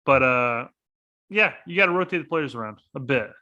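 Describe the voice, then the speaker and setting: Bright-voiced rambling soccer podcast host. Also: male voice, medium pitch, expressive, normal speed, muffled recording. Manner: rambling, restarts, thinks aloud. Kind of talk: casual soccer podcast chat.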